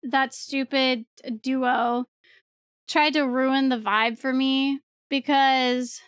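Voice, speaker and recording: Excitable high-voiced young woman streamer. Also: extremely slow, smooth, no room sound, clean studio sound. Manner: rambling, excitable, laughs often, swears casually. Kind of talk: casual storytelling to stream chat.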